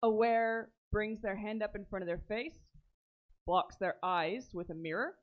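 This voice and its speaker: A woman's voice: medium pitch, measured pace. A woman playing a tabletop game, describing her character's actions and reading out spell rules. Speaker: player.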